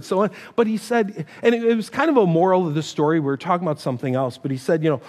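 A man's voice: on the high side, sing-song, quick pace, few pauses, darkish tone. A middle-aged man preaching a sermon in a church, conversational and emphatic, weaving in personal stories. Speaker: pastor. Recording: long hall reverb.

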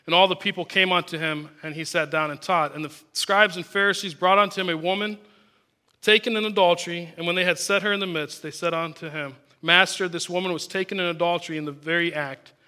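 A male preacher with a high-pitched voice gives a sermon. He reads scripture passages aloud, then explains them in an earnest way. His tone is bright and clear. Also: fairly even intonation, brisk.

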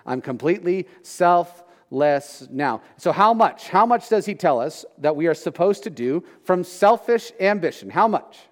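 A man's voice: high voice, lively intonation, normal speed, few pauses, in a large hall. A man in his thirties preaching a sermon in a conversational, joking way, often asking his listeners questions. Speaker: pastor.

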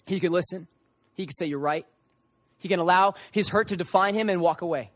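A man's voice: high-pitched, fairly quick, dry recording. A young man preaching a sermon with passion, acting out the voices of people in the story.

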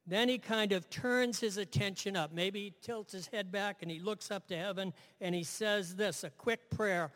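A man's voice: high voice, normal speed, fairly bright tone, in a large hall. A man preaching a sermon in a conversational way, asking his listeners "right?" and repeating key phrases.

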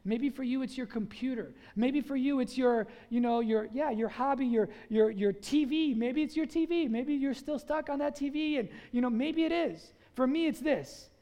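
A pastor delivering a lively sermon, his voice sitting unusually high for a man. He calls out to the congregation for responses and acts out everyday scenes to make his point. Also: normal speed, few pauses.

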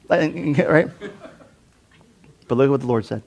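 A pastor delivers a casual sermon, talking with the audience in an animated, conversational way, full of fillers like "like" and questions to listeners. His medium-pitched voice is a little slow and creaky.

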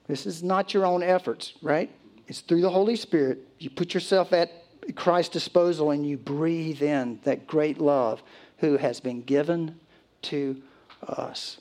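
A man preaching a sermon as pastor, earnest, moving from hushed, near-whispered lines to emphatic high calls. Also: takes it slowly.

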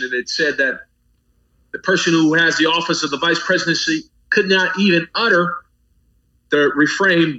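A man's voice: on the high side, pushed and bright. A man, a pastor, speaking as a guest with a preacher's rhythmic cadence, building emphasis through lists and rising repetition. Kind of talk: impassioned guest commentary on a talk program. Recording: dull lo-fi audio.

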